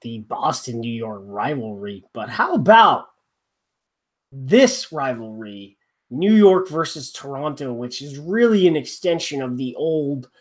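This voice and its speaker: A man's voice: medium pitch, very animated, unhurried. A man co-hosting a rugby podcast, casual and rambling, joking with plenty of fillers and restarts. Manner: wry, joking. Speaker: podcast co-host.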